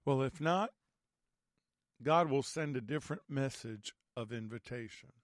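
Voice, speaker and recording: Male host-teacher, slightly raspy from allergies, measured and earnest, dry close recording. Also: mid-range voice, dry recording. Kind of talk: prayer and Bible teaching.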